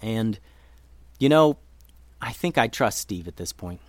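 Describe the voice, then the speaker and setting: A man's voice: fairly low pitch, measured pace, no echo. A man doing a reasonable companion. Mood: reasoning. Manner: reasoning, calm. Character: level-headed male companion, reasoning.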